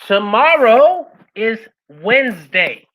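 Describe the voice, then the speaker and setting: A woman speaking as a guest, giving a passionate motivational talk. She keeps asking "right?" and swings from loud urging to a soft, quiet close. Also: very animated, takes it slowly, low-quality recording. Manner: passionate, repeats "right?" after most points; swings between loud urging and soft, low-key closing.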